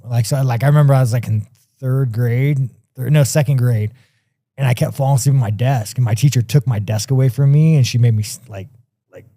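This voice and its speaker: Dude in his 30s rambling about stuff, swears nonstop, mellow dark voice, dry close sound. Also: mid-range voice, no room sound. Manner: profane, rambling storytelling. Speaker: podcast guest. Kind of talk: casual chat.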